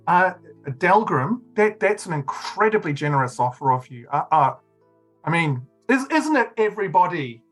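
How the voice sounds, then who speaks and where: A man's voice: sits high, very animated, normal speed, a bit bright, faint music behind, heavily acted, poor audio. A man voicing a fussy male town official who stammers and gushes to a crowd. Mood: gushing. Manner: flustered, stammering, gushing.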